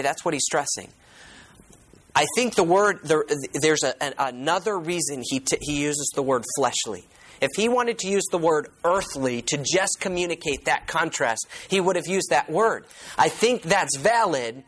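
A man's voice: a little high, fairly bright tone, rough recording. Man preaching verse by verse. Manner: teaches verse by verse, reading scripture aloud; questions the congregation and repeats key words. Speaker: pastor. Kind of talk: sermon.

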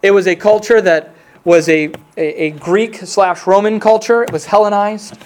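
A man's voice: high-pitched, fairly even intonation, normal speed, darkish tone, clear, resonant tone. A man preaching a sermon in an earnest, conversational way, reading scripture aloud with emphasis. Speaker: pastor.

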